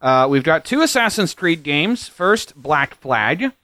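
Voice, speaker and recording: A man's voice: a little high, slow pace, no room sound. A man hosting a casual podcast, joking with his co-hosts and reading out prize winners. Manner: relaxed, joking, reads out winners. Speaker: podcast host.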